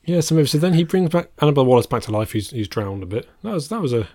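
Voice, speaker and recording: A man's voice: medium pitch, very animated, rapid-fire, warm tone. A man co-hosting a podcast about films, in a rambling, casual chat that often trails off into a laugh. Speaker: podcast co-host.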